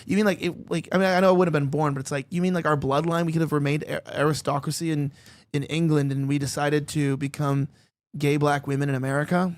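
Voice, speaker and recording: A man's voice: a little high, level tone, quick pace, no echo. A young man hosting a podcast in casual chat, rambling and filling his talk with "like". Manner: rambling, heavy use of "like". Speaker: podcast host.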